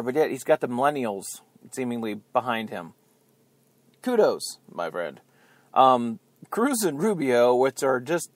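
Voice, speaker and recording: A man's voice: mid-range voice, no echo. A man hosting his own podcast with a rambling political rant, chatty and sarcastic, often laughing at his own jokes. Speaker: podcast host. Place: outdoors near beeping buses.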